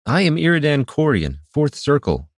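A man's voice: a little high, sing-song, moderate pace, dry recording, clean studio sound, voice pushed up. A man voicing an earnest young male sorcerer with a pleading tone. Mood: anxious.

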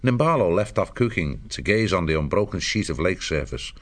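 A man narrating an audiobook chapter in a measured storytelling delivery. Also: low voice, big pitch swings, fairly bright tone.

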